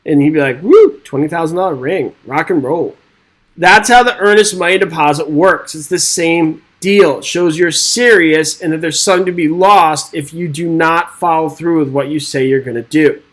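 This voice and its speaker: A man's voice: on the high side, moderate pace, few pauses, a bit bright, low-quality recording. A man teaching a live exam-prep webinar, reading quiz questions aloud and joking with the chat in an upbeat way. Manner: upbeat, jokey, reads quiz questions and chats with viewers. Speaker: real estate exam instructor.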